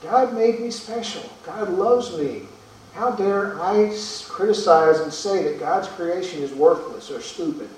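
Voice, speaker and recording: Preacher heard from afar in an echoey hall. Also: male voice, high-pitched, expressive, unhurried, a little mellow, a little hiss or hum. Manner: earnest, rhetorical questions, repeats words. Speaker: pastor. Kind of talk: sermon. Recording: echoey room from far off.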